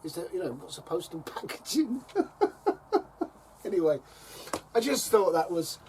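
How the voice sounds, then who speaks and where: A middle-aged allotment vlogger talks casually to camera beside a fire on his plot, spinning wry stories, chuckling in between and slipping in dry jabs. His voice is high and sing-song, his pace unhurried, and there's noise in the background.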